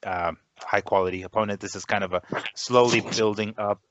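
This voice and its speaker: Fast, lower-pitched male boxing co-host, halting delivery, dull audio. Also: steady tone, fairly bright tone, no echo. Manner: halting, lots of fillers. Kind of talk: casual sports talk.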